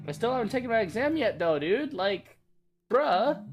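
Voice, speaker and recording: A young man reading and commenting on a story game, casual and excitable, swearing freely and reacting loudly. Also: very high-pitched, a little slow, faint music behind. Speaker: gaming YouTuber. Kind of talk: let's-play commentary.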